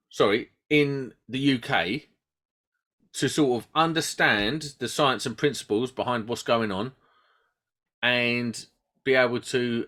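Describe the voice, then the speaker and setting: A man's voice: mid-range voice, fairly bright tone. A man hosting a trade podcast in chatty, joking banter. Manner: chatty, banter-filled, rambling with restarts. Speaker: podcast host. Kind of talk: casual podcast chat.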